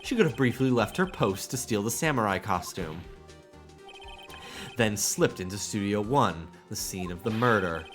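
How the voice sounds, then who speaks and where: A man's voice: on the low side, animated, normal speed, soft background music, lightly acted. A man voicing an earnest young male defense attorney from a video game, pleading and reasoning through a case.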